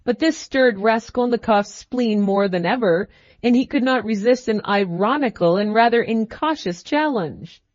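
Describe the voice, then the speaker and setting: A woman narrating an audiobook in an even, measured reading. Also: on the high side, dry recording, highs cut off. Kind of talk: scripted narration.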